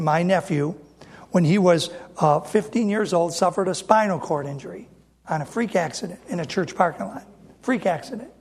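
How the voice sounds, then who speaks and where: Man, middle-aged, preacher, high-pitched, emphatic sermon, talks straight to the congregation. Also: darkish tone. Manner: emphatic, repeats phrases for effect, addresses the congregation directly. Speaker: independent Baptist preacher.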